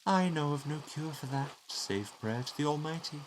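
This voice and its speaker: A man's voice: on the high side, expressive, normal speed, background noise, voice pushed up, natural voice. A man putting on a solemn old village priest. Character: pious older male village priest, gentle.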